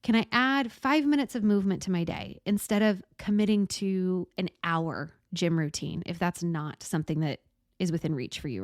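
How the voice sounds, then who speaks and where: A woman hosting a solo podcast, talking in a gentle, thoughtful, reflective way and slowing down to stress words. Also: mid-range voice, no room sound, studio quality. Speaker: podcast host.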